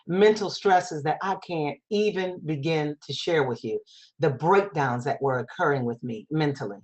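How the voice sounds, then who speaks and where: Low-voiced earnest woman speaker. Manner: earnest, repetitive, emphatic. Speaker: webinar presenter and public speaker. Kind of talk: personal testimony talk.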